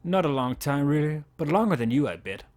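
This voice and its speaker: A man's voice: fairly high pitch, very animated, fairly quick, darkish tone. A man voicing a friendly Italian assistant cook on a ship in a text adventure game, with a clumsy put-on accent. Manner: attempted fake Italian accent.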